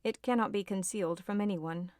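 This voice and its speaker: A woman's voice: medium pitch, fairly quick, darkish tone, dry recording, close to an everyday voice. A woman reading an audiobook voices a distraught young woman, agitated and close to tears. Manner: agitated, tearful pleading.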